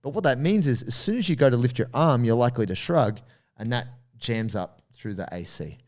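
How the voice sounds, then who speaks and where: A man's voice: medium pitch, expressive, fairly quick. Australian man explaining shoulder rehab. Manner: explanatory, coaching tone; addresses listeners directly. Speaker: podcast co-host. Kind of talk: casual podcast chat giving training advice.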